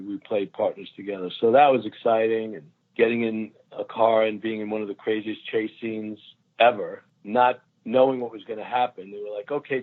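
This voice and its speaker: A man telling stories over a phone line. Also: lowish voice. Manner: animated storyteller, laughs often. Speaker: actor guest. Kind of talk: casual anecdotes.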